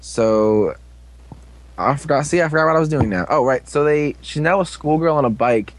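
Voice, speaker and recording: A man's voice: a little high, expressive, normal speed, no echo, rough recording. A young man casually recapping a TV episode, rambling, joking and losing his place.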